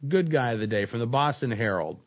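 A man with a brisk, mid-range voice hosts a casual talk show, reading news stories aloud. He's relaxed and leans heavily on fillers, saying "uh, you know" often. The recording is dull and lo-fi.

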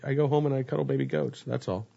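A man hosting a casual chat, talking in a calm, steady, easygoing way and joking with his guest. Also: mid-range voice, fast talker, gravelly, dry recording. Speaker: podcast host. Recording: dull, muffled dry audio.

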